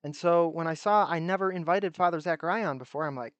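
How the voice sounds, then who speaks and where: A man's voice: a little high, fast, fairly bright tone, no room sound. A man hosting his own livestream, chatting loosely and rambling with a self-deprecating streak. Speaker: livestream host. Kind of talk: casual livestream commentary.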